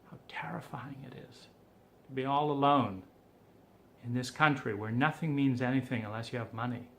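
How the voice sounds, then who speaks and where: A man speaking in a gravelly, fry-laden voice that is pushed and tense. He gives personal testimony for a documentary, sounding frustrated, urgent and pleading as he talks. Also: medium pitch, a bit bright. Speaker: documentary subject.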